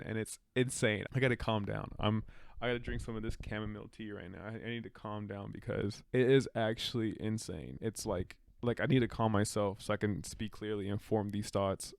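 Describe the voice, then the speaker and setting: A man giving a casual movie review rant, excitable and profane, rambling with restarts and self-corrections. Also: lowish voice, brisk, vocal fry, no room sound, clean studio sound.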